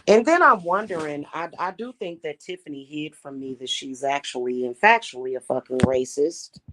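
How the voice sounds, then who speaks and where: A woman's voice: sits low, animated, moderate pace, a bit bright, a little hiss or hum. A young woman venting in an angry, profane rant, blunt and scornful as she talks. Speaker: spiritual reader and vlogger. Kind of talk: angry ranting monologue.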